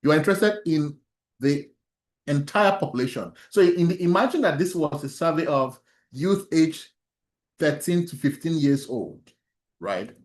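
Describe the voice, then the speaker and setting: A male instructor lectures an online statistics workshop in a mid-range voice, with a roomy sound. He quizzes his students, laughs softly, and frequently restarts his sentences.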